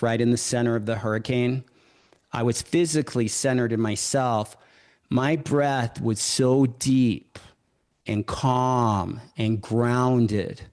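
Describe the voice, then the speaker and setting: A man's voice: mid-range voice, a little mellow. A man, a yoga teacher hosting a podcast, tells a personal story in a reflective way, often stopping to reframe his thoughts.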